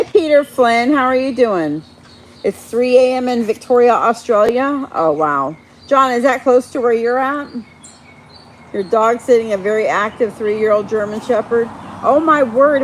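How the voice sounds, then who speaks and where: A woman hosting a casual live stream, chatting warmly with viewers by name and laughing often. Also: medium pitch, slight background noise. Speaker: livestream host reading viewer chat.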